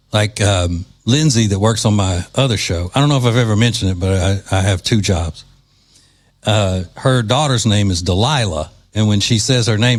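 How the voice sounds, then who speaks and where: A man's voice: fairly low pitch, normal speed. Male talk radio host. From Louisiana. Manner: joking, wry, sarcastic asides. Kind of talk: casual talk radio monologue.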